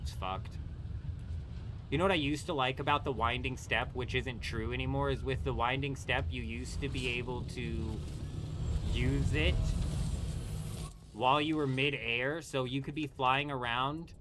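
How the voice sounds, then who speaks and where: A man's voice: mid-range voice, steady tone, unhurried, noisy background. A young man streaming a game live, ranting and swearing at its combat mechanics. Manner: frustrated, profane, ranting. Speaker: gaming streamer. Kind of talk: live gameplay commentary.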